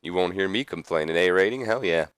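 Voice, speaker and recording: A man's voice: low voice, fast talker, fairly bright tone, clean tone, no echo. A young man casually narrating a wrestling management game, reading out results and making chatty, self-deprecating asides on a close microphone. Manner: chatty, reads event text aloud, self-deprecating asides. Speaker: let's play narrator.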